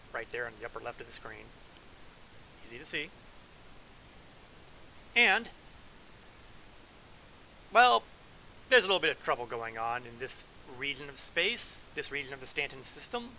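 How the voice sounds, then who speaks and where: Man hosting a game stream, bright and tense voice, wry asides, faint hiss under it. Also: a little high, rough recording. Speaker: gameplay streamer. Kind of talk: casual game commentary, reading lore aloud.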